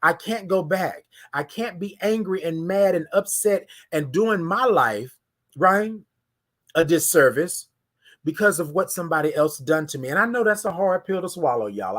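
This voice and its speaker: Man, high-pitched voice, live-stream host, heartfelt preacher-like delivery, reads viewer comments. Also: a bit bright. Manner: emotional, preacher-like cadence with many "right?" asides. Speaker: host of a morning live show.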